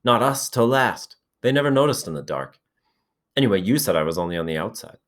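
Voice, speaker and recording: A fretful, bespectacled schoolboy whose voice climbs high and shrill when he pleads, as a man reads him aloud. He stays fussy and anxious and keeps reasoning and begging in a thin, raised tone. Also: expressive, fairly quick, close to an everyday voice. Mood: stubborn, eager. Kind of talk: reading a novel aloud with voices.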